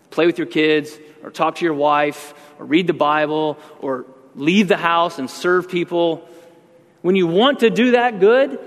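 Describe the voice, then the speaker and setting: A man's voice: fairly high pitch, big-room sound. A man pastor giving a sermon, talking conversationally and then building to emphatic outbursts.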